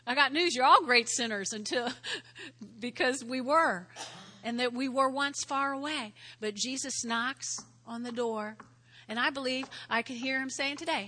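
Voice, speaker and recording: A woman pastor giving a sermon and altar call, earnest, often repeating her words and turning soft and prayerful. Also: high voice, moderate pace.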